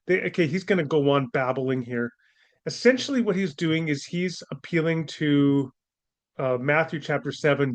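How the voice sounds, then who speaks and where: A man's voice: fairly high pitch, normal speed. A man hosting an opinionated commentary monologue, talking in an indignant, scornful way and firing off rhetorical questions. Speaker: commentator and apologist host.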